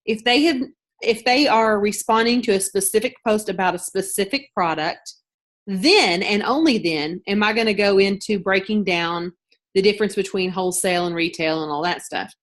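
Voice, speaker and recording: A chatty woman with a drawl leads her team's video call. She talks loosely, circles back on herself and leans on filler words. Her pitch sits in the middle of the range, and the sound comes through a computer call mic. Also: moderate pace. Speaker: team leader hosting a sales call. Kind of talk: casual talk on a group video call.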